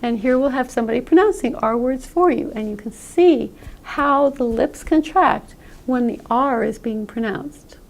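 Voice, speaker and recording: A woman with a high, gravelly voice teaches pronunciation. She explains patiently and says sample sounds aloud for learners to copy. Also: normal speed. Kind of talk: classroom-style explanation.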